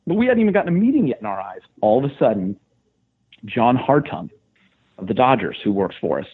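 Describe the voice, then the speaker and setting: A man, a sports radio host, retelling a story in casual podcast talk, getting animated and loud as he goes. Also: brisk, breathy edge. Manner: excited, animated retelling with rising pitch. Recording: tinny phone line.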